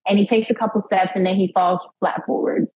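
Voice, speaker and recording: A young woman guest telling a personal story in an interview, animated and acting out what people said, often breaking into laughter. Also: medium pitch, a little fast, slightly rough. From United States. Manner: animated retelling, acting out quotes, frequent laughs and "like". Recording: dull lo-fi podcast sound.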